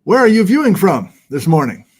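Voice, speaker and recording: Laid-back american guy, bit high-pitched, hosting a geology livestream and reading off viewer towns. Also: fairly quick, breathy edge. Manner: relaxed, chatty, reads viewer locations aloud. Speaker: geology lecture host. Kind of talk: casual livestream greetings.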